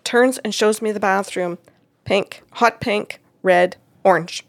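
Telling a story from one of her client sessions, this psychic medium chats casually and animatedly, voicing the people involved with sharp jumps in pitch. Her voice is slow and gravelly, recorded dry.

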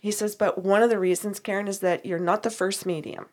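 A woman's voice: medium pitch, brisk. Lady medium telling a story, quoting everybody back and forth. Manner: animated retelling with quoted dialogue. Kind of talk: storytelling chat.

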